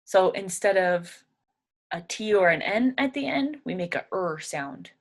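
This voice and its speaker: A woman's voice: lowish voice, expressive, unhurried. A young woman teaching English pronunciation, patiently repeating each word aloud several times. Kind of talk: pronunciation lesson.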